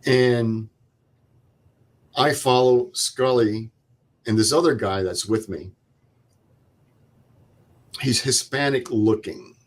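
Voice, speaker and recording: A man's voice: mid-range voice, slow pace, long pauses. An older man, a veteran guest, telling a vivid step-by-step war story and acting out the dialogue. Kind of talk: interview storytelling.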